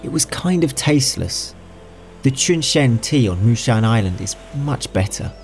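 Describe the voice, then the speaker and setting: A man voicing a scheming young prince in an audiobook, quick, mocking and commanding. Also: mid-range voice, expressive, a little mellow, soft background music, pitched above the performer's own voice. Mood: teasing. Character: scheming young male prince, cocky and cruel. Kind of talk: audiobook character voice.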